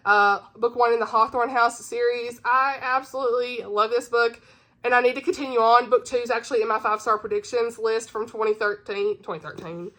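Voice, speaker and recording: Woman, book vlogger, casual chat, bubbly, laughs a lot, slightly high voice. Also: steady tone, brisk, fairly bright tone. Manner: bubbly, giggly, chatty with frequent laughs. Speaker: book reviewer, channel host.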